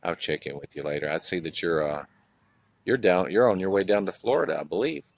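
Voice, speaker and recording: A man's voice: sits low, animated, brisk, creaky, no room sound. A man with a Southern US accent chatting casually on a live stream outdoors, greeting viewers by name and reminiscing with frequent laughs. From southern US (North Carolina). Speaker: livestream vlogger. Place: outdoors in a small town.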